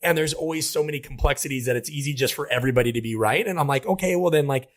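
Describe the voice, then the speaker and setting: Fast-talking, analytical male coach. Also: mid-range voice. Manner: quick, animated and analytical. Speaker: podcast guest, coach. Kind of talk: casual podcast chat.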